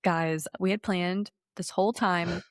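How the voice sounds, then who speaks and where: A woman in her thirties co-hosting a podcast, talking politics in a sarcastic, animated way with some swearing. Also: lowish voice, measured pace, no echo, clean studio sound. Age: 30s. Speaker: podcast co-host. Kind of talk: casual political chat.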